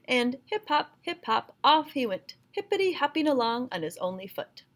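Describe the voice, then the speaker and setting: A woman reading a folktale aloud with expressive, rhythmic storytelling. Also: sits high, normal speed.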